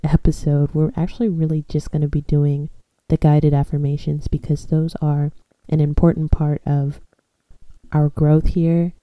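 A woman with a low, mellow voice leads listeners through guided affirmations. She talks slowly and calmly, with a soothing, steady manner. The recording is dry and close. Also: no echo. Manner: slow, calm, soothing guidance. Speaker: podcast host.

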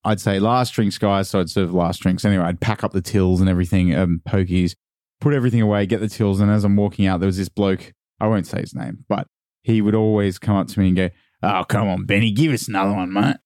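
A man's voice: low voice, fairly even intonation, fast, warm tone, no echo, clean studio sound. A young Australian man chatting casually on a podcast, who likes slipping into put-on posh voices while telling stories. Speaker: podcast guest. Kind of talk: casual chat.

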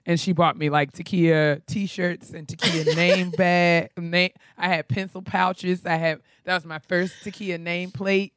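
A woman's voice: on the low side, unhurried, few pauses, smooth, no room sound, studio quality. A woman co-hosting a podcast, telling stories animatedly with frequent laughter. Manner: animated storyteller, laughing often. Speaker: podcast co-host. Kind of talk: casual chat.

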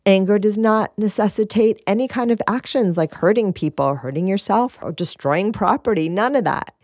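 A woman giving a gentle spiritual talk, repeating phrases and asking "right?", with a soft laugh now and then. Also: medium pitch, normal speed, no echo, clean studio sound.

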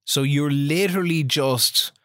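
A man's voice: fairly high pitch, measured pace, a bit bright, no room sound, clean studio sound. A man hosting a podcast, chatting casually, laughing easily and rambling through explanations. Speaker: podcast host. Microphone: studio microphone.

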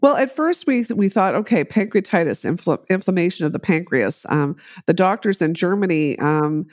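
A middle-aged woman, an epidemiologist, telling her story in a podcast interview with animated delivery and acted-out quotes. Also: on the low side, moderate pace, dry recording, clean studio sound. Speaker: guest, infectious disease epidemiologist.

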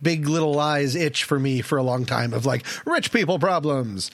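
A man co-hosting a casual movie podcast, joking with quick asides and frequent laughs. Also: on the high side, animated, dry recording. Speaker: podcast co-host.

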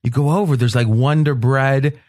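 A man hosting a betting podcast roundtable, telling stories in an animated way and laughing often. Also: medium pitch, moderate pace. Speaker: podcast host. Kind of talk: casual roundtable talk.

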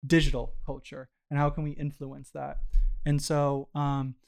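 A man's voice: on the high side, unhurried, vocal fry. A man guest on a business interview show, talking casually with lots of fillers and restarts. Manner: relaxed, filler-heavy, frequent restarts and "you know". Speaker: startup founder guest. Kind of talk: casual storytelling conversation.

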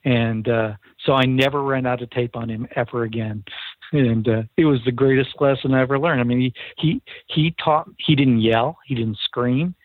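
A man's voice: mid-range voice, steady tone, normal speed, dry recording. A man, a recording engineer, telling a studio anecdote in an interview and acting out the quoted dialogue. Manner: earnest storyteller who acts out quoted dialogue. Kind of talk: storytelling in an interview. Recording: tinny phone line, dry.

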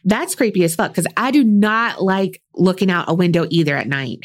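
A woman's voice: fairly low pitch, normal speed. A woman co-hosting a podcast, chatty and blunt, swearing casually and laughing easily. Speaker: podcast co-host. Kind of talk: casual chat.

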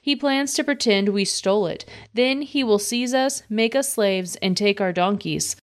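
A woman's voice: medium pitch, a little slow, dry recording, clean studio sound, close to an everyday voice. Woman reading as a band of anxious brothers. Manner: plain read-aloud delivery. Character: group of anxious adult brothers.

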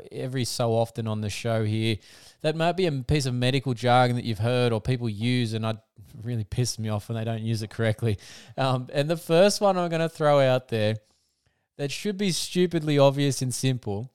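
A man's voice: medium pitch, darkish tone, clean tone, no echo, clean studio sound. An Australian man hosting a motorsport podcast, blunt and casual, laughing often and swearing freely. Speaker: podcast host.

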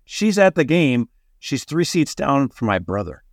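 A man's voice: mid-range voice, big pitch swings, no room sound. A man with a mid-range voice chats close to a dry mic. He jokes readily and often repeats his words. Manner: chatty, quick to joke, repeats words. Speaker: podcast co-host. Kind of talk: casual podcast chat.

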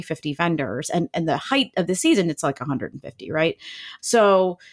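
A woman, chatting enthusiastically as a guest about local food, with plenty of fillers. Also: lowish voice. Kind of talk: casual chat.

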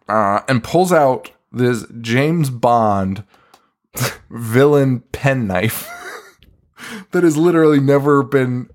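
A man co-hosting a podcast, recapping a horror film in casual chat, swearing and laughing often. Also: mid-range voice. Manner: profane, laughing, animated retelling. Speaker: podcast co-host. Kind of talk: casual movie review chat.

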